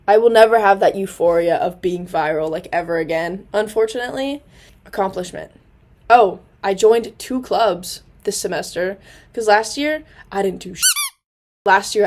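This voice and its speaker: A nineteen-year-old woman recording a casual diary vlog at home on her laptop. She rambles in a chatty, self-deprecating way, full of fillers and quick asides. Her voice sits at an ordinary middle pitch for a woman. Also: darkish tone. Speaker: college student vlogger. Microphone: laptop camera.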